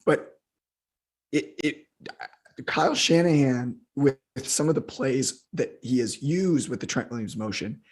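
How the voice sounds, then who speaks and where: A hoarse man co-hosting a football podcast, ranting in heated, profane casual chat. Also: mid-range voice, expressive, a little slow. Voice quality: husky. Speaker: football analyst co-host.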